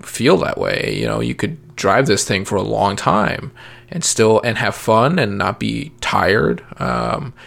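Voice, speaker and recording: Man, thirties, gravelly voice, easygoing rambling chat about kids; natural delivery. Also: on the low side, animated, slow, a bit bright. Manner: rambling, many fillers and restarts. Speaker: parent podcast guest. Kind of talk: casual chat.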